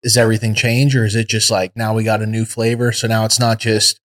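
A man hosting a podcast, asking short, relaxed follow-up questions in casual conversation. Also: fairly low pitch, fast. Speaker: podcast host.

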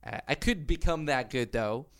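A man's voice: mid-range voice, expressive, normal speed, fairly bright tone. A man in his twenties, a YouTuber guest, telling his story eagerly with lots of fillers and restarts. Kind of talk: casual interview chat.

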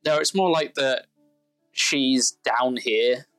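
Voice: medium pitch, takes it slowly, a bit bright, clean tone, faint music behind, rough recording. A game master narrating a tabletop game in a casual, meandering, self-deprecating way.

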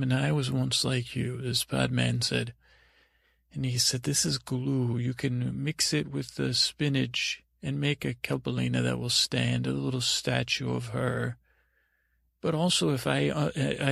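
A man doing Tommen, a very gravelly, rambling young prince. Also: medium pitch, fairly bright tone, no echo, studio quality, full character voice. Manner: meandering, halting, easily sidetracked storytelling. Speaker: podcast host. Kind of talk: improvised comic bedtime story.

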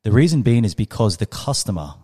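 Aussie guy in his 30s spinning a story, low warm voice, leans hard on the punchlines. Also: sing-song, a little fast, slightly rough. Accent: Australian. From Western Australia. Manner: emphatic, dramatic storyteller. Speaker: guest, startup coach. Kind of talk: storytelling in a podcast interview.

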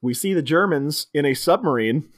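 Lively man recapping a movie. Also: on the high side. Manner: retells scenes quoting characters in quick voices. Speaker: podcast co-host. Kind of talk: casual movie recap chat.

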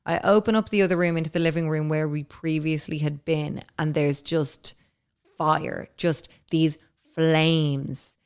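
A woman's voice: sits low, steady tone, unhurried, clear, resonant tone. A woman hosting a podcast, telling a story in a casual, chatty way, full of filler words and swearing. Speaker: podcast host.

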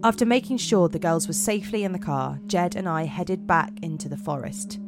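A woman's voice: on the low side, lively intonation, brisk, over music. A woman podcast host reading horror stories aloud in a put-on American accent, dramatic and giggly with slips.

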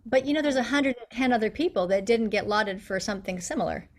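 Animated woman explaining accents. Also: fairly high pitch, fast. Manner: animated, explanatory, acts out quotes. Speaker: guest accent coach. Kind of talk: casual interview chat.

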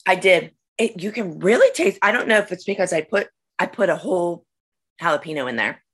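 A middle-aged woman co-hosting a casual chat, teasing her co-host and quick to agree. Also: fairly low pitch, lively intonation, husky. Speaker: podcast co-host.

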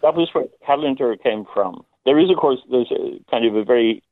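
Playwright guest over a phone line, dry sound, hesitant and reflective, mid-pitched man. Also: animated, a little fast, no echo. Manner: thoughtful, hesitant, laughs often. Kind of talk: phone interview.

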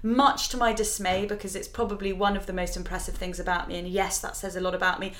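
A woman chats as a podcast co-host, animated and frank with a joking streak. Her voice sits at a middle pitch. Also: fast. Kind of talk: casual chat.

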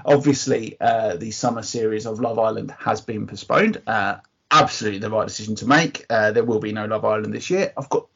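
A man's voice: fairly low pitch, brisk, vocal fry, fairly bright tone, husky. An Englishman co-hosting a podcast in casual chat, talkative and opinionated, given to ranting. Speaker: podcast co-host. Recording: dull lo-fi podcast audio.

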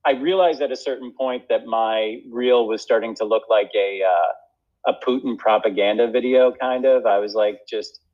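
Brief: man, mid-pitched, casual and self-deprecating, many fillers, dull lo-fi sound. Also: normal speed. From United States. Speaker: actor and guest. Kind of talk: casual conversation.

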